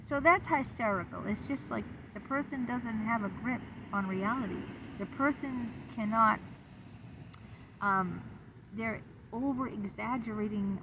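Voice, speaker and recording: A middle-aged woman talking candidly to camera from a public spot outdoors, rambling with plenty of fillers. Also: medium pitch. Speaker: vlogger. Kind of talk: casual personal talk to camera. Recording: outdoor traffic noise.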